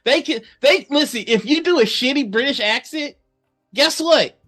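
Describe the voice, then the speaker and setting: A woman's voice: high-pitched, normal speed, soft background music. A woman co-hosting a casual stream chat, laughing often and swearing freely. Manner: laughing often, profane and animated.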